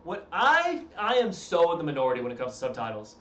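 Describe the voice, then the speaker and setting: Talking fast with huge pitch swings, a tired young man in a fairly high, fairly bright voice chats with his stream audience from a room at home. He rambles and interrupts himself, and the recording is distant with a roomy echo.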